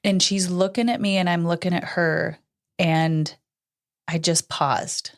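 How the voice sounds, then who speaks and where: A middle-aged woman co-hosts a podcast in relaxed, casual conversation. Her voice sits a little low, and she tells her stories earnestly, often acting out the lines of what was said. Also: unhurried. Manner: earnest storytelling, acts out quoted dialogue. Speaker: podcast co-host. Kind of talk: casual chat.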